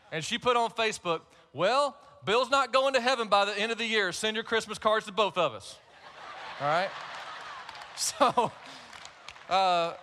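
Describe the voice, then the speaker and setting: A man's voice: fairly high pitch, pushed and bright. A man, a pastor, preaching a sermon to a large church congregation, telling a personal story in a conversational way with light humor.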